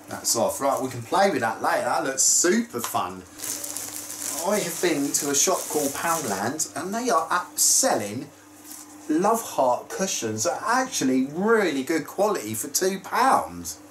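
Excitable man chatting on a vlog. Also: on the high side, a little slow, echoey room, background noise. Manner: excitable, chatty, squeals with delight. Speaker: YouTube vlogger. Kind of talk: casual chat.

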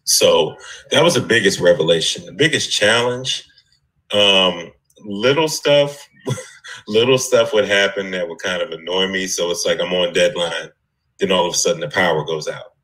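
A man from the United States on a discussion panel, telling his story in a relaxed way with small laughs. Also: low-pitched, moderate pace, low-quality recording.

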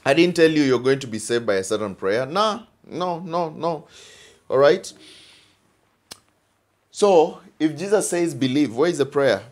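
A man preaches with a Kenyan English accent, pressing his points hard. His voice sits somewhat high for a man, and he keeps coming back to the same phrases. He often stops to check in with a quick "all right?". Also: expressive, a little mellow. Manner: emphatic, repeats phrases and asks "all right?". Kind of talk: sermon.

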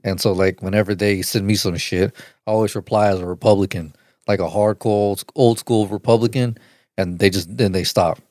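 A man's voice: on the low side, fairly even intonation, a little fast, a little mellow, no room sound, studio quality. A man co-hosting a casual comedy podcast, who laughs often and slips into mocking put-on voices. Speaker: podcast co-host.

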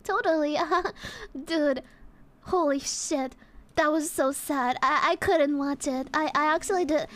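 A young woman streamer reacting in casual talk, excitable, stammering, laughing often and swearing a lot. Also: high-pitched, measured pace.

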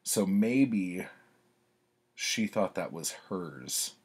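A man's voice: sits low, animated, very slow, breathy edge. A man reading his old childhood poems aloud and commenting on them in a wry, self-mocking way.

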